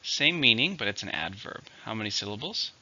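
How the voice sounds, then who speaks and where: A man teaching English vocabulary slowly and carefully, counting syllables and marking stress. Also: lowish voice, expressive, sharp tone, muffled recording. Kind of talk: vocabulary lesson.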